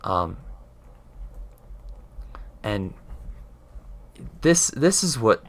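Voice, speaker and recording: A man's voice: fairly low pitch, very animated, extremely slow. A man in casual explanatory talk, earnest, often checking in with his listener as he explains. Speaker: speaker explaining faith.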